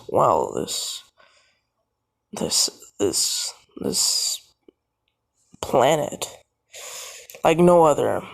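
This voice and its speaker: A man improvises a fan-made story in a loose, casual way, wandering into profane asides. His delivery is slow and gravelly, and his pitch rises and falls a lot.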